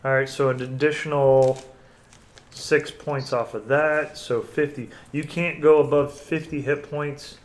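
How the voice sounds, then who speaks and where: A man running a tabletop game as game master, counting dice out loud and often correcting himself mid-sentence. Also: medium pitch, steady tone, measured pace.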